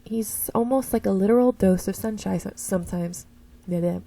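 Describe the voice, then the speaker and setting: Woman streamer narrating a story game, mellow and gravelly, reads expressively and fixes her stumbles. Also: medium pitch, normal speed, low-quality recording. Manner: expressive first-person reading, slips and corrects herself. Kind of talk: reading a visual novel aloud with asides.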